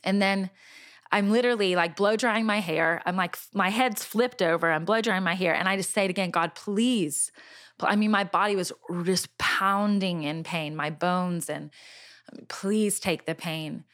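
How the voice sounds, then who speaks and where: A middle-aged woman telling a personal faith story in conversation, earnest and animated, with many fillers and restarts. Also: lowish voice, moderate pace. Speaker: Christian singer sharing a testimony.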